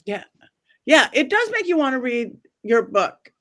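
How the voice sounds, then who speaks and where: A woman's voice: high-pitched, big pitch swings, a little slow, a bit bright. A woman hosting a casual panel chat, talking hesitantly with many restarts and fillers. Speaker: podcast host.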